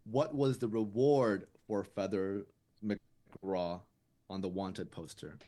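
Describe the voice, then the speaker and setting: Brief: male podcast quiz host, somewhat low voice, playful and chatty. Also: fairly even intonation, slow pace, dark tone. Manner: asks trivia questions, laughs often. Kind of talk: casual podcast banter.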